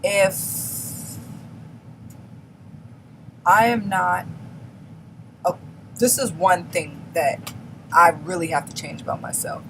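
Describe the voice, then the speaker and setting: A woman's voice: fairly low pitch, slow, pauses often, slight background noise, rough recording. A woman talking candidly and bluntly to camera in a casual confessional chat, stressing her words now and then. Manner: candid, blunt, emphatic with laughs. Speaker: beauty vlogger.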